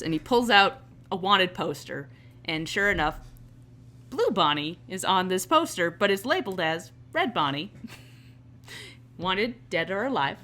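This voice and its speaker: A woman's voice: on the low side, animated, unhurried, pushed and bright. A woman narrating as game master of a tabletop game, laughing often as she talks.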